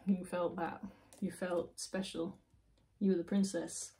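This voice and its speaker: A woman's voice: fairly low pitch, little pitch movement, a little slow, dark tone. Emotional woman giving a tarot reading. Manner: emotional, intuitive, self-interrupting; thinks aloud with restarts and asides. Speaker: tarot reader.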